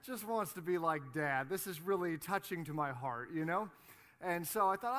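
In a church sanctuary, a pastor in his forties delivers a sermon, telling a story conversationally and peppering it with "you know" and "right." His voice is a little high with a sharp tone.

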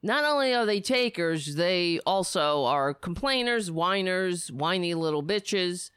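Scathing woman ranting, pitch swinging. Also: animated, measured pace, a bit bright, clear, resonant tone, dry recording, clean studio sound. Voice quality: profane, scathing, sarcastic. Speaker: political commentary host. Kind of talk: angry political rant.

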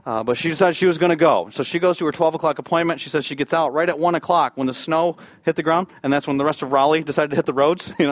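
A man preaching a sermon, telling a story and building to loud high peaks before dropping to a near hush. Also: dry recording. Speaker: pastor.

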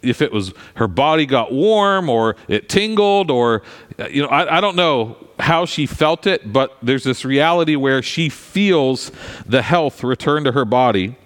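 A pastor delivers a sermon in a reverberant hall, preaching in a conversational, animated way with asides. His voice is medium-pitched and his pace measured.

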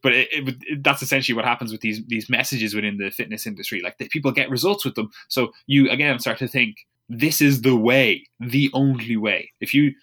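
Casual male co-host, bright edgy tone, profane, rambling, sarcastic mimicry. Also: mid-range voice, fast talker, few pauses. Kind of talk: casual chat.

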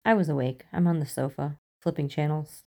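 A weary female agent who cannot sleep, clipped and a little embarrassed, as a woman reads her. Low, mellow tone with a creaky rasp. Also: brisk. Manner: weary, clipped, self-conscious. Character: tired, sleepless female FBI agent, doctor.

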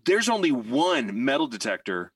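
A man telling a long anecdote in casual podcast chat, rambling and animated with many fillers and restarts. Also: mid-range voice, normal speed, breathy edge, no echo, recorded from a distance.

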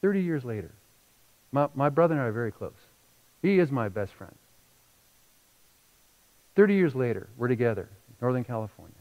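Male pastor, middle-aged, sermon voice that swings from soft to loud, lively pitch, slightly dull recording. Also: moderate pace, pauses often. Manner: emotional storytelling, rising and falling between hushed and loud.

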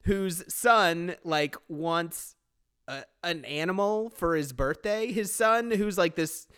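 Man co-host, casual chat, lively rambling delivery, clean resonant tone, pitched a bit high. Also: slow pace, clear, resonant tone. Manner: animated, swearing, rambling with restarts. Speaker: podcast co-host. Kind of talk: casual chat recapping a movie.

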